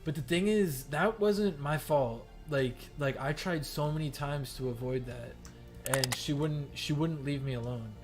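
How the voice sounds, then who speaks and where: A man's voice: fairly high pitch, a little slow, music in the background. Rambling young man telling a story. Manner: rambling, heavy "like" fillers, swearing. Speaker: game streamer. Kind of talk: casual storytelling. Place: home gaming setup.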